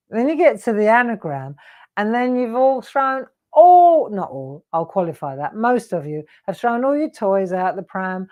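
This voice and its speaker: A woman's voice: a little high, big pitch swings, a little slow, darkish tone. A woman hosting a live craft demonstration, chatting and teasing her viewers with frequent laughs. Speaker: craft show host.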